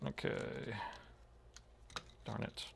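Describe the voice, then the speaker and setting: A man's voice: very slow, noisy background. A middle-aged man giving live, thinking-aloud commentary as he repairs a laptop, in a laid-back drawl that tacks "man" onto his sentences. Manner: thinking aloud while measuring.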